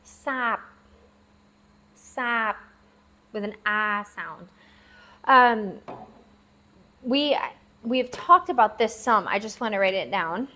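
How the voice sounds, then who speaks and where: A woman leads a language lesson at a steady, mid-range pitch. She talks patiently, repeating each new word slowly and spelling it out for her learners. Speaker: language teacher. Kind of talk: classroom-style language lesson. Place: lives abroad in Southeast Asia.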